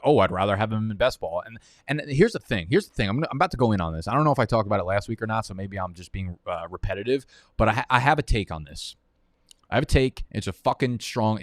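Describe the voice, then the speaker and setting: A man's voice: lowish voice, no room sound, clean studio sound. A man hosting a live fantasy football draft stream, talking in a profane, heated, rambling way.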